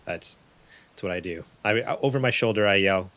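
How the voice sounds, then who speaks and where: A man's voice: deep voice, a little fast, fairly bright tone. A man playing a tabletop game, talking hesitantly with fillers. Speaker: player.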